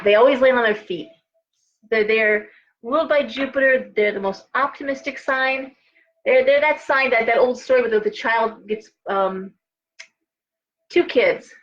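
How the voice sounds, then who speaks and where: A woman's voice: fairly high pitch, fairly bright tone, dull audio, slight background noise. A tired middle-aged woman hosting a live tarot reading, talking in a chatty, rambling way with many restarts and asides. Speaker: host and tarot reader.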